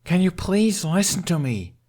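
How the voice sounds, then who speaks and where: A man's voice: a little high, normal speed, pitched above the performer's own voice, close to an everyday voice. A man voicing an anxious, frantic young Viking man who pleads in a raised, urgent voice. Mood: pleading.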